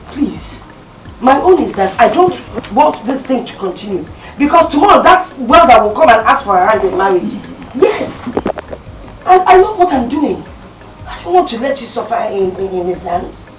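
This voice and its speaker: A woman's voice: on the high side, very animated, moderate pace, far from the mic, a little hiss or hum. A woman plays a firm, scheming mother. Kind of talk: film drama acting. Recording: roomy, off-mic film audio with music.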